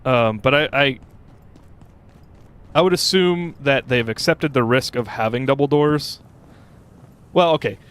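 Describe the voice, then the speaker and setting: A man's voice: mid-range voice, measured pace, long pauses, a bit bright, clear, resonant tone. Young male streamer, casual, rambling, chatty with chat. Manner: rambling, chatty, reads chat aloud, frequent fillers. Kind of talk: casual gameplay commentary.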